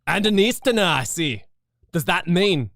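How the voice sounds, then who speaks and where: A man voicing a brash Scottish male prison governor with a put-on Scottish accent, loud and dismissive. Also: sits high, very animated, normal speed, vocal fry, slight background noise, voice pushed up, heavily acted. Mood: brusque.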